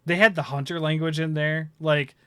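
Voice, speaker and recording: Male co-host, lively casual talk, bright tone, close dry mic. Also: on the high side, moderate pace, clear, resonant tone, dry recording. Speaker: podcast co-host. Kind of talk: casual chat.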